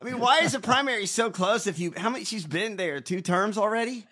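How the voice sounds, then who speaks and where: Brash, profane man with a lively voice. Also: sits high, brisk. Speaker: podcast host. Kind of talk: casual chat.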